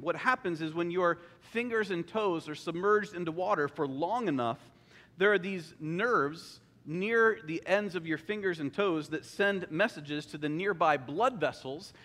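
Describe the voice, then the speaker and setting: Guy preaching, pretty high voice, chatty and earnest, big echoey hall. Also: fairly bright tone. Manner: conversational, earnest, with sung quotes. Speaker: pastor. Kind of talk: sermon. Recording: long hall reverb.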